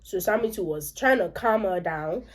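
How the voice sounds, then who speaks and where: A woman's voice: medium pitch, animated, moderate pace. A young Nigerian woman recapping a series episode in a chatty, opinionated way, with asides in Pidgin and Yoruba. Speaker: vlogger. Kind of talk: casual reaction recap.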